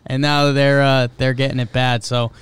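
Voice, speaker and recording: A man, co-hosting a podcast in relaxed, joking chat. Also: mid-range voice, moderate pace, clear, resonant tone, no room sound. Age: 30s. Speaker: podcast co-host. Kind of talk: casual chat.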